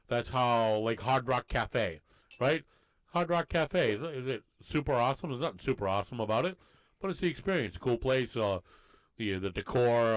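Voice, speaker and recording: A man co-hosting a casual podcast, talking in a rambling, easygoing way. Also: medium pitch. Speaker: podcast co-host. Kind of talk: casual bar-talk podcast chat.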